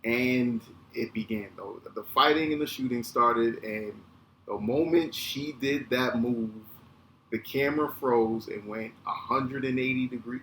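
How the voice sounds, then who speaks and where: Thirties guy rambling about a movie memory, lively and cussing, bright voice, bit of faint hiss. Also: mid-range voice, measured pace. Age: 30s. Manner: animated, profane, acts out quotes. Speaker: podcast host. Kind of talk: casual storytelling monologue. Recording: echoey room with faint ambient noise.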